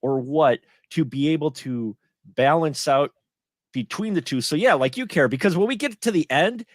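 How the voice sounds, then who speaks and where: A man as a guest film reviewer in a casual live stream chat, animated, acting out his own reactions. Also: a little high, moderate pace, dry recording, studio quality.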